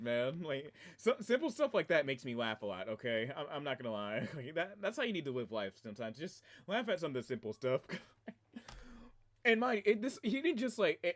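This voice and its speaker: A man chatting casually on his game livestream from a room at home, excitable and rambling, often breaking into laughter. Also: fairly high pitch, moderate pace. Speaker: game streamer.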